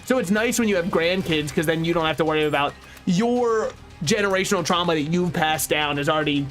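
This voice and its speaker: Young male streamer, slightly high voice, dry dark humor, casual game commentary over soft background music. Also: a little fast. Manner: sardonic, dark deadpan jokes. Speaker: VTuber streamer. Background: faint game music.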